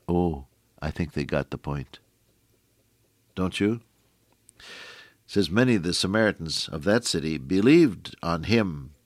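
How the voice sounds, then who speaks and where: A middle-aged man preaching a folksy radio sermon, quoting scripture in an animated way. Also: deep voice, no room sound.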